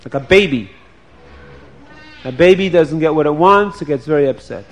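A man telling a children's story in a lively, playful way, asking the children questions. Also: fairly high pitch, moderate pace. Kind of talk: animated children's story narration.

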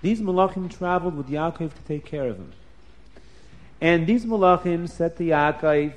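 A man telling a story to children in a lively, emphatic way, changing his voice often. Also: on the high side, normal speed.

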